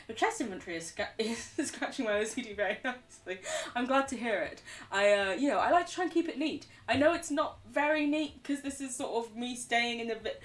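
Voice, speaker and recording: An English woman chatting casually while streaming a game, animated, laughing often and swearing freely. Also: a little high, distant mic. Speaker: livestreamer. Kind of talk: casual chat while gaming.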